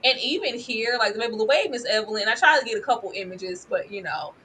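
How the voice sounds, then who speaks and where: A woman giving casual, animated commentary on a reality show, laughing often and mimicking people with exaggerated voices. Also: on the high side, quick pace, slight background noise, rough recording. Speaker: reality TV reviewer.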